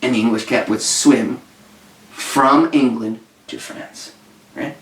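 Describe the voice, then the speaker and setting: A man spins a rambling tall tale with a straight face, halting and restarting as he goes. He speaks at an ordinary pitch. The sound is roomy and picked up from some distance. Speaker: podcast co-host. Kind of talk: casual chat.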